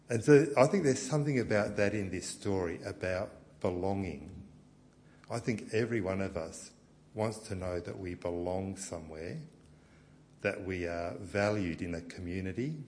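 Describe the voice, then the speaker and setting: Low-voiced Australian pastor preaching. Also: male voice, slight background noise. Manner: conversational and anecdotal, with frequent fillers and restarts. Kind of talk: sermon.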